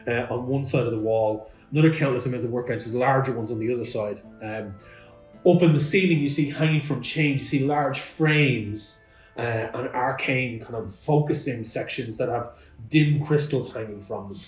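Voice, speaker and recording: A man's voice: mid-range voice, normal speed. A man, narrating as game master in a rambling, descriptive way with many fillers. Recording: echoey room with faint music.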